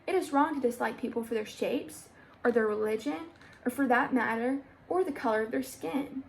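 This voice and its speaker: A woman voicing a kind but firm mother in a storybook, speaking gently. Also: fairly high pitch, moderate pace, creaky.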